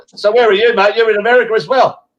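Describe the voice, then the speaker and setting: A man's voice: high-pitched, fairly even intonation, fast, dull audio. A man hosting a live-stream chat, rambling and swearing casually. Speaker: host.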